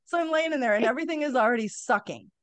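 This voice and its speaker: A middle-aged woman, a podcast guest, telling her story in a candid, conversational way. She is blunt and animated, swears freely and laughs her way through hard memories. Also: sits high, very fast, no room sound.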